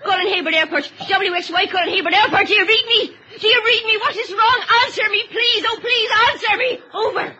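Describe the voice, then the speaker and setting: A woman's voice: high-pitched, very animated, moderate pace. A woman acting a mother who tends her son and radios for help, motherly at first, then frantic. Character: anxious frontier mother on a radio set. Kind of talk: vintage radio drama acting. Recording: muffled noisy old radio recording.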